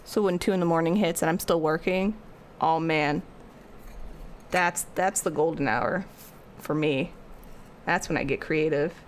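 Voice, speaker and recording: A woman's voice: sits low, steady tone, moderate pace, a little hiss or hum. A young woman art streamer rambling casually as she answers her live chat.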